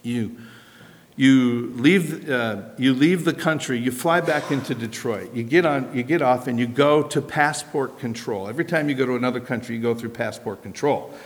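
An American man preaching a sermon in an animated, conversational way, asking rhetorical questions. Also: mid-range voice, moderate pace. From United States. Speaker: pastor. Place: church sanctuary. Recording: long hall reverb.

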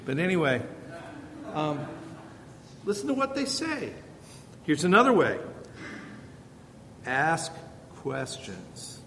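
A man's voice: wildly swooping pitch, slow, pauses often, a bit bright. A middle-aged man giving an informal Bible-based parenting lesson, talking conversationally and repeating rhetorical questions. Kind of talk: informal teaching talk. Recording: reverberant hall with faint rumble.

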